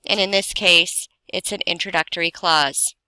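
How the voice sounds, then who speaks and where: Woman teacher going over grammar rules, super bright voice, dry close sound. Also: on the low side, steady tone, clean tone, no room sound, rough recording. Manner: slow, deliberate explaining with pauses for emphasis. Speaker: English teacher. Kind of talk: recorded grammar lesson.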